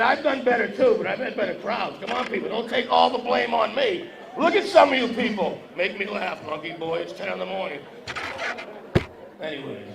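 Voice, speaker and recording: A man's voice: high-pitched, gravelly. A man doing profane stand-up comedy, teasing the audience at a breakfast event. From Massachusetts. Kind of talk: stand-up with crowd work. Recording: echoey hall, distant mic, crowd noise.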